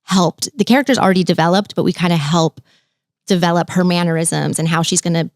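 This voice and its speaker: Chatty woman with a low voice. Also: fairly quick, dry recording, studio quality. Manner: chatty, easygoing, laughs often. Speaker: guest, former theme-park character performer. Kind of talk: casual interview chat.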